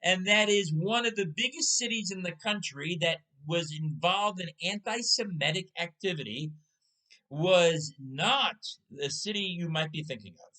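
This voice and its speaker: Man in his sixties, talk host, bright tone, storytelling, rhetorical questions. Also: sits high, measured pace, rough recording. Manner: conversational, asks the listener rhetorical questions. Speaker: podcast host. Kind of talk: casual storytelling chat.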